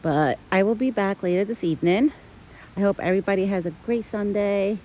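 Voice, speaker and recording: A woman's voice: medium pitch, brisk, mellow, a little hiss or hum, poor audio. A woman talking casually to the camera outdoors in a yard, chatty and full of "like" fillers. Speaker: vlogger who cares for a pet deer. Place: outdoors in a yard near a street.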